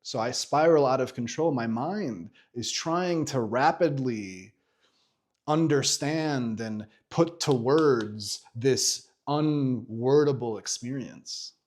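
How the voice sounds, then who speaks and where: A man in his thirties tells his own story straight to the camera, candid and animated, with lots of fillers and restarts along the way. His voice is mid-pitched, and he swears freely. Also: takes it slowly. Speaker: vlogger.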